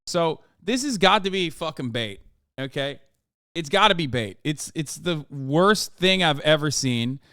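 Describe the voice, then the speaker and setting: An American man in his thirties rants on a livestream, cursing freely and sounding fed up. His voice sits high and comes across smooth and clean. The sound is dry and close, with no room around it. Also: lively intonation, unhurried, pushed and bright, dry recording. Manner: profane, exasperated ranting. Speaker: political commentary streamer. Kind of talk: livestream commentary.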